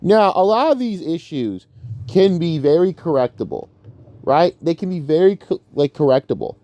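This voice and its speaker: A man delivering a heated, profane sports rant in a higher-than-usual voice that leaps around wildly. He drops into low mutters and then bursts upward in exasperation. The sound is dry and close. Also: lively intonation, moderate pace, dark tone, no echo, dull audio. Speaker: sports commentator.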